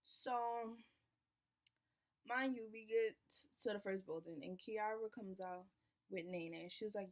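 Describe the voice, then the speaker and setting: A young woman telling a personal story in a casual storytime, animated and swearing, acting out what people said. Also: mid-range voice, takes it slowly. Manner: animated, swearing, acts out quoted lines. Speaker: vlogger.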